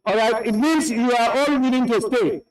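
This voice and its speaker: A stern man with a Gambian English accent presides over a parliament chamber, scolding members and repeating himself. His voice sits high for a man, and he speaks into a desk microphone. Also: normal speed, low-quality recording. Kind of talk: presiding over a heated debate.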